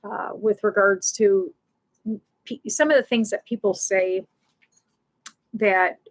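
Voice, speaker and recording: A woman's voice: medium pitch, fairly even intonation, takes it slowly. Rambling middle-aged woman hosting a livestream. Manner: rambling, restarts a lot, laughs often. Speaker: pet loss support livestream host. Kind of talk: casual livestream chat.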